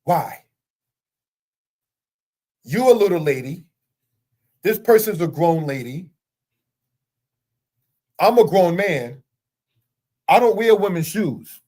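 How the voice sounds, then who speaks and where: A middle-aged Torah teacher speaks slowly and pauses often, his high, animated voice carrying a darkish tone. His lesson is earnest and repetitive, full of rhetorical questions.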